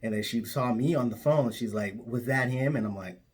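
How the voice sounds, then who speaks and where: A man's voice: mid-range voice, brisk, darkish tone, slightly rough. A man telling an absurd made-up story in a straight, matter-of-fact comic way. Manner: absurd tall tale told matter-of-factly.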